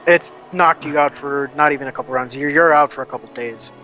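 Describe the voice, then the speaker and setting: A man's voice: a little high, a little fast, pushed and bright, lo-fi sound, soft background music. A man narrating as game master of an online tabletop game, rambling and restarting his phrases.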